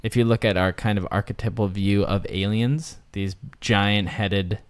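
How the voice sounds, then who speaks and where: A man's voice: on the low side, steady tone, normal speed, clean tone, no room sound. A man co-hosting a podcast, chatting casually and rambling, with many fillers and restarts. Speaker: podcast co-host. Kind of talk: casual chat.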